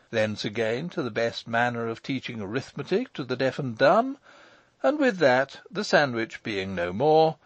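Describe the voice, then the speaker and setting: A man narrating a classic novel as an audiobook in a measured storytelling manner. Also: medium pitch, no echo, highs cut off.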